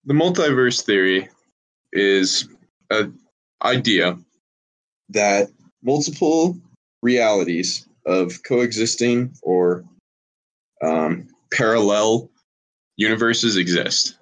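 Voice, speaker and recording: A man in casual group chat on a call, explaining a theory in a halting way with many restarts and swearing. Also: fairly low pitch, animated, a bit bright, low-quality recording. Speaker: podcast guest explaining a theory.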